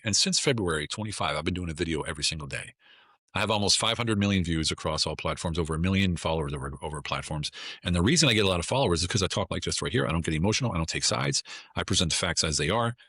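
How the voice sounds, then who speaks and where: A man's voice: sits low, sharp tone, no echo, studio quality. A middle-aged American man, a guest on a casual podcast, talking in a blunt, emphatic way and often repeating himself. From United States.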